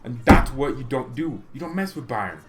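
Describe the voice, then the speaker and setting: A young man runs a football fan channel and rants casually to camera. His voice sits at an ordinary middle pitch. He talks in an animated, playfully menacing way and chuckles between points. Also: moderate pace, over loud music.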